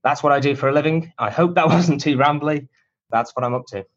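A man's voice: on the high side, a little fast, highs cut off. A man being interviewed about his work, talking in a chatty, cheeky, self-deprecating way. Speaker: guest, cold email marketer. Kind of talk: casual conversational interview answers.

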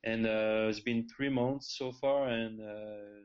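A man's voice: fairly low pitch, fairly even intonation, slow pace, highs cut off. A man in his thirties from France with a French accent, a native French speaker, talking as a podcast guest and hesitating often with restarts and fillers. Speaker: guest, former tennis pro.

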